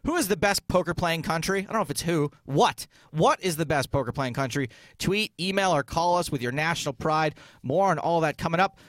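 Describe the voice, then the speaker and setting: A man's voice: on the high side, animated, a bit bright, no room sound. A male radio host bantering in a casual, upbeat, joking way. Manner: upbeat, joking, quick-talking.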